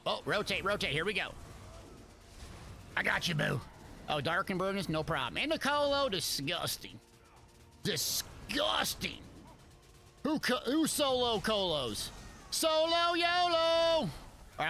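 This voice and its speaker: High, bright-voiced hyped male streamer. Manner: hyped, shouts and laughs during fights. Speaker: game streamer. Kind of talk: live gameplay commentary.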